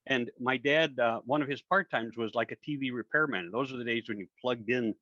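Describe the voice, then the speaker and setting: A man's voice: medium pitch, fairly quick, sharp tone, no echo. An older man, a professional speaker, answering interview questions with conversational stories and acted-out dialogue. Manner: conversational, acts out quoted dialogue, many fillers. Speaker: guest speaker. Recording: dull dry audio.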